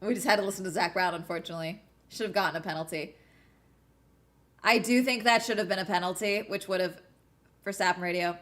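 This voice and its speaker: A young woman streaming a race watch-along, reacting out loud in casual chat and laughing often. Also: on the low side, quick pace, long pauses. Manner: excitable, laughs often, talks to herself. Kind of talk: casual live reaction commentary.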